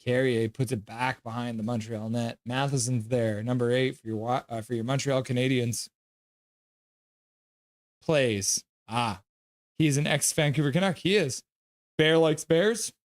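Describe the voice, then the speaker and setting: Young male stream host, mid-pitched voice, loose play-by-play with jokes and comment reading. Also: unhurried, no echo, clean studio sound. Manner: jokey, chatty, reads viewer comments aloud. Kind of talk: live play-by-play and chat reaction.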